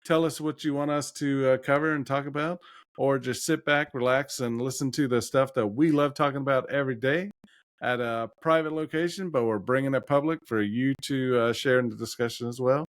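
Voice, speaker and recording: A man's voice: mid-range voice, fairly even intonation, brisk, dry recording. Easygoing male podcast co-host, reflective chat, dry recording with no room sound.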